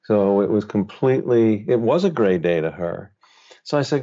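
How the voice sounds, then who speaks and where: A middle-aged male author, a guest on an interview, telling a personal story in a gentle, thoughtful, unhurried way. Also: lowish voice, lively intonation. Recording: slightly dull, lo-fi sound.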